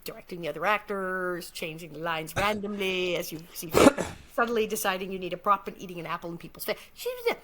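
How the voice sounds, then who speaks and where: Bright, lively woman in her sixties. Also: lowish voice, a little fast, hardly any pauses, slight background noise. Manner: animated, acts out lines and hums music. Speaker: podcast co-host, former child actress. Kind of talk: casual chat.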